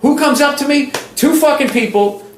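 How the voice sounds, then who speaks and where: High-voiced comedian ranting with heavy swearing. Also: male voice, normal speed, a little hiss or hum. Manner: profane, emphatic ranting. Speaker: stand-up comedian. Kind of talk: casual heated chat. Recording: roomy echo.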